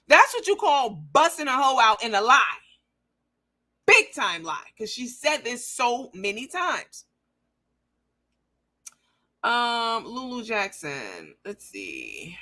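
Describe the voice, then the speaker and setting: A woman's voice: a little high, very animated, takes it slowly, pauses often, sharp tone. A woman hosting a livestream, reading viewer comments aloud and talking bluntly and profanely in a mocking, emphatic way.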